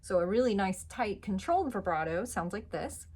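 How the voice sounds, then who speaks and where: A woman teaching a singing lesson, patiently explaining pitch and demonstrating notes with her voice. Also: lively intonation, normal speed, a little mellow, faint music behind. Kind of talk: vocal lesson.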